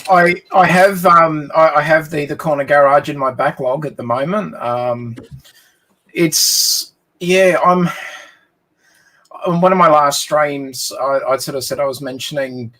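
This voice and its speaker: Laid-back Australian man, slightly higher voice. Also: measured pace, bright, forceful tone. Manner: friendly and laid-back, with hesitant ums and restarts. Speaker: guest streamer. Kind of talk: casual live stream chat.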